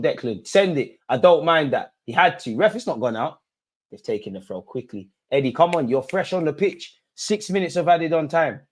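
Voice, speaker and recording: Excitable young man. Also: medium pitch, a little fast. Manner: excitable, slangy, pleading with players. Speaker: football watch-along host. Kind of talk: live reactive commentary to viewers.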